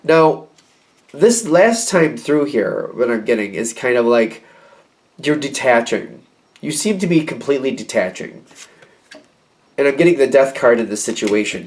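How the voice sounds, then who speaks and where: A man giving a casual tarot reading, animated and repeating phrases as he acts out quoted reactions. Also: medium pitch, unhurried, pauses often. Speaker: tarot reader.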